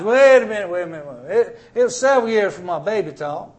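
A man's voice: sits high, animated, rapid-fire, few pauses. A man preaching as a pastor, emphatic and folksy, acting out homely stories between scripture readings. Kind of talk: sermon.

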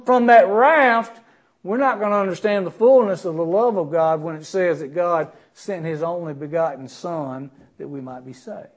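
High-voiced earnest male preacher. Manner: earnest, emphatic, swings between loud stresses and quiet drops. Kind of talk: sermon.

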